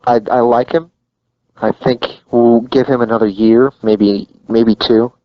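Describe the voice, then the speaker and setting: A man's voice: mid-range voice, steady tone, measured pace, dry recording. A man talks wrestling in a casual, emphatic way, pressing his opinions hard. The recording is muffled and lo-fi. It is close and dry. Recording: dull lo-fi sound, dry.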